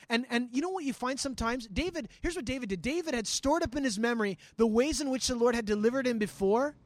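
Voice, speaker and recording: A male pastor teaching a sermon in a conversational, animated way, acting out scripture and talking straight to his listeners. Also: very high-pitched, quick pace, few pauses, no echo. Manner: frequent restarts and asides to listeners.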